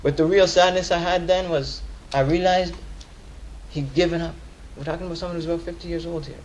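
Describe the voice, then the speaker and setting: Young guy preaching fast, slangy, keeps repeating himself, bit high voice, faint hiss behind. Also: fairly even intonation, rough recording. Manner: casual street slang, emphatic repetition. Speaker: khutbah speaker. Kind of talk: Friday sermon.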